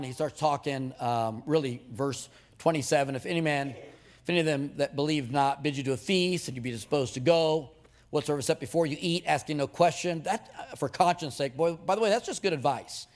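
Speaking briskly, a fairly high-voiced male preacher delivers an anecdote-rich sermon with animated storytelling. His voice rises steeply to hammer home each point, words get repeated as he gathers steam, and he keeps trading jokes with the congregation.

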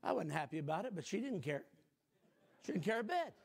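Older man, preacher, very high voice, folksy storyteller, shouts for emphasis. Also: sing-song, a little fast, vocal fry, husky. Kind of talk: sermon with personal anecdote.

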